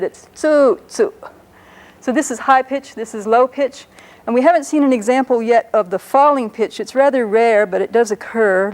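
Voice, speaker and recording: A woman lecturing on a language, talking patiently and slowing down to spell out and pronounce each word carefully. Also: mid-range voice, low-quality recording. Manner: patient, explanatory, slows down to pronounce words carefully. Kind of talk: educational lecture on a public-access show.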